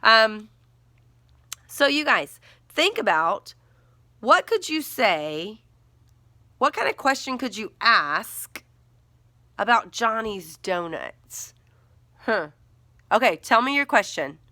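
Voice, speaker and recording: Lively, bright-voiced woman teacher thinking aloud. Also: a little high, dry recording. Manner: thinks aloud slowly, sounding out words. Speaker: first grade teacher. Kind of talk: modeling writing aloud for young students.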